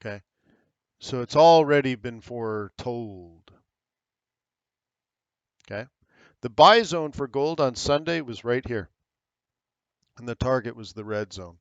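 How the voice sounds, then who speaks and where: A man's voice: medium pitch, lively intonation, a little slow, pauses often, dry recording, highs cut off. An American man hosting a live trading webinar, giving casual, rambling market commentary with frequent fillers.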